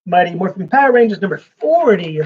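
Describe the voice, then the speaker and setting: A man's voice: high-pitched, very animated, brisk, slightly rough, dull audio. A man giving rambling live-stream commentary while flipping through a comics preview magazine, with sarcastic asides.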